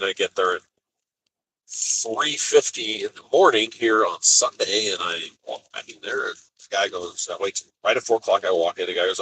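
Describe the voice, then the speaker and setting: A lowish, bright-edged voice from a man talking to the camera while he drives his van. He tells his story in a casual, exasperated way and acts out the people he quotes. A faint hiss runs under the voice. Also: lively intonation, normal speed, poor audio. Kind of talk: casual driving vlog monologue. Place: inside a cargo van on the highway.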